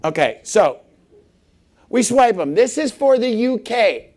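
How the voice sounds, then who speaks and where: A middle-aged man giving a humorous conference talk, animated and laughing often as he acts out little scenes. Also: high voice, slow, pauses often. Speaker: conference speaker. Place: conference hall stage.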